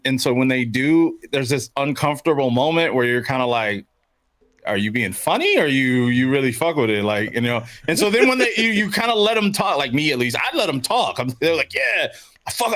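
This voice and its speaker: Podcast co-host, male, medium pitch; animated, swearing storyteller doing voices of others; dry booth sound. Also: no room sound. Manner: profane, animated storytelling, mimics people he quotes. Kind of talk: casual chat.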